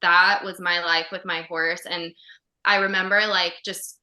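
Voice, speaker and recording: A woman's voice: lowish voice, level tone, unhurried, pushed and bright, roomy sound. A woman co-hosting a podcast, chatting in a heartfelt way with lots of fillers over a video call. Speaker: podcast co-host. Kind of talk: casual podcast chat.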